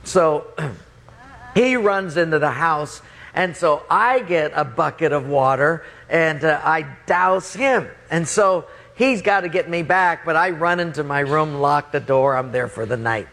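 A male pastor telling a lively personal story in a sermon, laughing and swinging his voice up and down, in a reverberant hall. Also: unhurried, creaky. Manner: animated, laughing storyteller with big pitch swings. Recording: long hall reverb, faint ambience.

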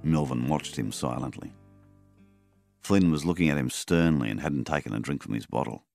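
A man reading a novel aloud as an audiobook narrator, measured and even. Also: rumbling low, vocal fry, no room sound, faint music behind. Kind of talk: scripted narration.

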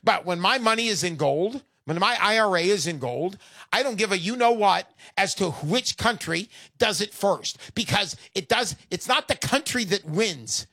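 An older man hosting a radio talk show, pitching in a brash, salesman-like way with rhyming quips. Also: expressive, normal speed, bright, forceful tone, no room sound, studio quality. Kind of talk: gold investment talk radio.

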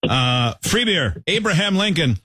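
Husky guy hosting a comedy impressions game, slow and bright, dry mic. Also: fairly high pitch, big pitch swings, dry recording. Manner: playful, quick to laugh, calls out prompts. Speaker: host running an impressions game. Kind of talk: casual comedy banter.

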